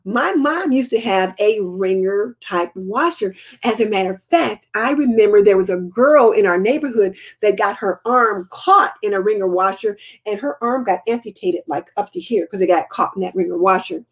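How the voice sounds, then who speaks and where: A woman's voice: medium pitch, animated, moderate pace, hardly any pauses, husky. An older woman, chatting casually as host of a live homemaking Q&A and answering viewer comments.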